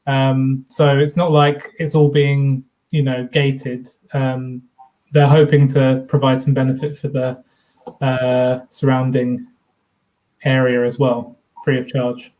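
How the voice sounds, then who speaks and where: A man's voice: mid-range voice, completely flat delivery, slow, darkish tone. A man co-hosting a casual live stream, explaining points in an informal way with mild swearing. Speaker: co-host of a theme park fan channel.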